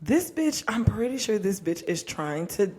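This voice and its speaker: A woman's voice: mid-range voice, sing-song, normal speed, darkish tone. A tipsy woman co-hosting a podcast at home, joking bluntly and swearing in loose, casual chat. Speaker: podcast co-host.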